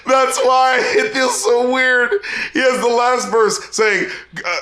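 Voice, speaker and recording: A man co-hosting a podcast, reviewing an album in casual chat, animated, laughing often and swearing freely. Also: very high voice, slow pace. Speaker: podcast co-host.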